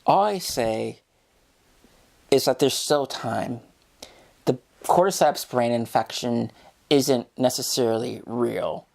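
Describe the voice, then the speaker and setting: A woman's voice: a bass voice, slow, creaky, long pauses, a little mellow. A young woman vlogger talking straight to camera, rambling and swearing in an exasperated rant. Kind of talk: casual opinion rant.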